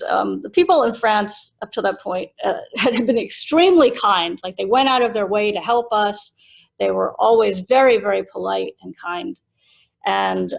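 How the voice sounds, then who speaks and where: A woman's voice: mid-range voice, creaky, rough recording. A middle-aged woman, a Buddhist nun, teaching a class casually and telling a personal story with frequent laughs. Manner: chatty, laughs often while telling a story.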